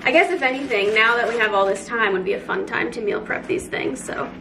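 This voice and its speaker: A woman's voice: on the high side, brisk, gravelly, heavy background noise. Bubbly young woman vlogging at home. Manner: bubbly, chatty, squeals with excitement, talks to her cats. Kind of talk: casual vlog chat. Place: home bedroom and kitchen.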